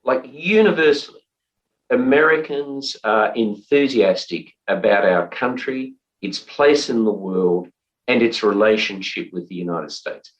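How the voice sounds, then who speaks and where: Low-voiced Australian man, measured and halting. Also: muffled recording. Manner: measured, frequent "uh" pauses and restarts. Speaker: interviewee, former defence minister. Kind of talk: reflective interview answer.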